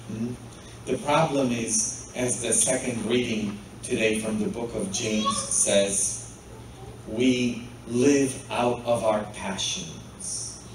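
Priest preaching in an echoey church. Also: male voice, lowish voice, noisy background. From Poland. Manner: asks the congregation frequent rhetorical "hmm?" questions. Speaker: pastor. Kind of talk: sermon. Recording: very echoey church, mic far off.

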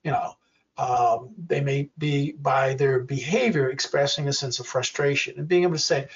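A man in his sixties giving an educational workshop talk, speaking slowly and clearly and acting out quoted examples. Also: medium pitch, far from the mic. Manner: slow, deliberate, acts out quoted examples. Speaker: workshop presenter. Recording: dull lo-fi audio.

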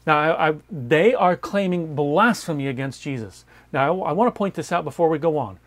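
A man's voice: fairly high pitch, lively intonation, moderate pace. Emphatic man preaching a Bible sermon. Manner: emphatic, repeats key phrases, swings between loud stresses and quiet asides. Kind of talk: sermon-style Bible teaching.

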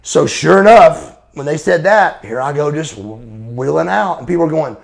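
This interviewed ex-wrestler, a man in his forties, talks at normal speed with hardly any pauses, his gravelly voice on the high side and lively in intonation. His casual stories are blunt and profane, and he calls the listener brother.

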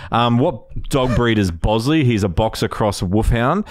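A man on a podcast who reads listener questions aloud in a casual, matter-of-fact tone. His voice sits at a medium pitch. The recording is close and dry, with no room echo. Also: lively intonation, a little slow. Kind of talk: casual chat.

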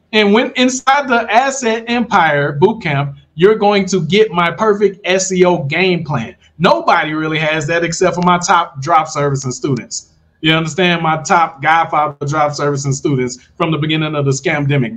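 A man coaching viewers in a casual, animated talk, often checking they follow along. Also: on the high side. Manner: animated, talks straight to viewers with repeated check-ins. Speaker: online business coach. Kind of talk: casual livestream pitch.

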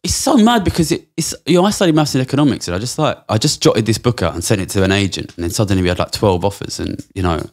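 A man's voice: on the low side, animated, quick pace, few pauses. A man in his thirties from England, a podcast guest talking bluntly and passionately, swearing a lot. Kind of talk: casual interview talk.

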